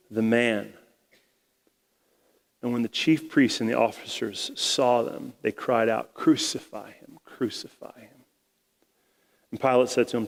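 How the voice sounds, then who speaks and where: Guy pastor preaching, laid-back and chatty, retells the bible in slang, mid-pitched voice. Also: gravelly, in a large hall. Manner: casual and conversational, paraphrasing scripture in modern slang. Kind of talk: sermon.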